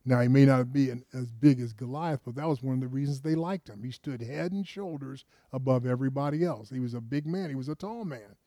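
A man's voice: medium pitch, a little fast, few pauses, warm tone, no room sound, clean studio sound. A man preaching a sermon, retelling a story conversationally with rhetorical questions and frequent restarts. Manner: frequent restarts, rises with emphasis.

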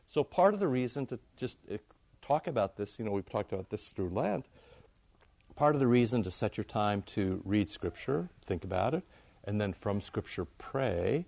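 A man giving an informal, conversational sermon to his congregation, jumping up high in pitch to make a point. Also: normal speed, vocal fry, no echo. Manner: conversational, animated, rises high for emphasis. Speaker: pastor.

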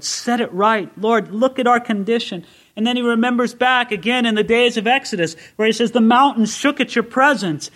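A man's voice: high voice, a bit bright. A man preaching expository Bible teaching, reading scripture aloud with rising intensity and asking listeners direct questions. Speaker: pastor.

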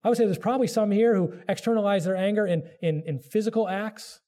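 A middle-aged man delivers a sermon to his congregation in an earnest, direct way. His voice sits a little high but sounds warm and mellow. He mimics people's excuses in a raised, mocking tone. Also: fast. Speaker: pastor.

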